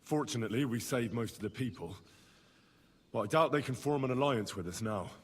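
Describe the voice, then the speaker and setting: A man's voice: medium pitch, brisk, breathy edge, big-room sound, close to an everyday voice. An actor playing a male messenger in a game who soberly reports bad news. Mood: grave.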